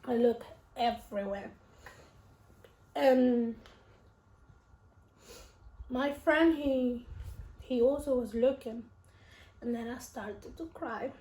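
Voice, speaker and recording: A woman's voice: on the high side, slow pace, pauses often, mellow. A young woman vlogger telling a personal story at home in a rambling, emotional way, full of fillers and restarts. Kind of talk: casual storytelling while eating. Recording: roomy room with faint noise.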